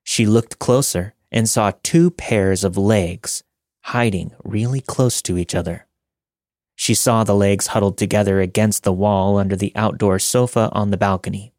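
A man reading listener-submitted scary stories aloud in a steady, measured first-person narration. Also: fairly low pitch, no room sound, clean studio sound. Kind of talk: scripted horror story narration.

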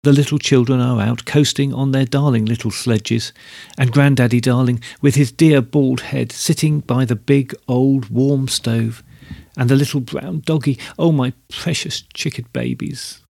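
A man's voice: medium pitch, steady tone, unhurried, gravelly, dark tone, no echo. A man voicing a tearful, homesick young mother who pours out her longing in pleading, sobbing words, in a dry, close storybook reading.

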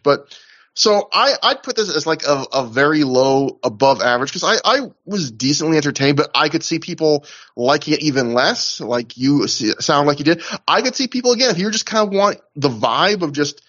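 A man's voice: a little high, lively intonation, normal speed, fairly bright tone, muffled recording. A man co-hosting a casual podcast, rambling through a wrestling show review with lots of fillers and restarts. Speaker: podcast co-host.

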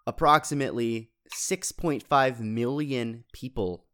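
A man's voice: mid-range voice, unhurried, a bit bright, clean tone. A man co-hosting a casual podcast, picking apart a movie's logic and laughing easily. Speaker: podcast co-host.

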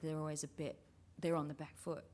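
An Australian woman talking about theatre in a lively casual chat. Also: sits low, fairly quick. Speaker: actor, writer.

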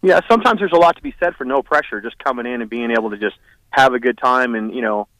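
A man's voice: mid-range voice, fast talker, no room sound, poor audio. Rambling, easygoing male radio guest. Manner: relaxed, rambling, many fillers. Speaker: guest, racing team owner. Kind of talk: casual phone interview.

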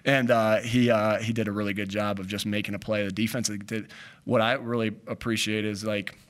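A man's voice: fairly low pitch, flat delivery, fairly quick. A man, a head coach, answering questions at a postgame press conference, rambling with frequent restarts and fillers.

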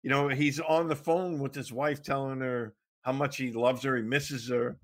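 Male host, casual and halting, mid-range voice. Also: mid-range voice, fairly even intonation. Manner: halting, lots of fillers and restarts. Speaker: interview host. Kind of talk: casual interview questions.

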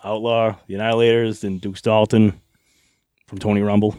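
A man's voice: on the low side, level tone, normal speed, warm tone, smooth, no room sound, clean studio sound. A middle-aged man, a former wrestler, rambling through anecdotes in a casual interview with frequent laughs and swearing.

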